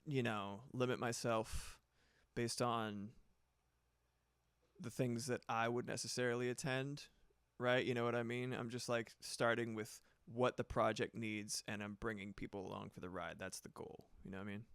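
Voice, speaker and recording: A man at mid pitch chatting loosely as he works on music for a stream. He rambles, swears casually and laughs often, and the sound is dry with no room echo. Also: flat delivery, normal speed, fairly bright tone, clear, resonant tone. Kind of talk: casual livestream chat while producing.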